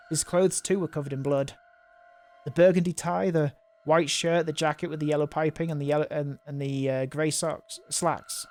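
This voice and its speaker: A man reads a visual novel aloud, tossing in offhand, mocking asides and stumbling over words. His voice is on the high side, steady and darkish, at a moderate pace, with faint music in the background.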